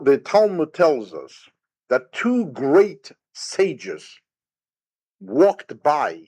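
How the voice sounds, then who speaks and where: A man, a rabbi, giving a recorded Torah lecture, emphatic and full of rhetorical questions. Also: mid-range voice. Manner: retells Talmud story with quoted sage dialogue.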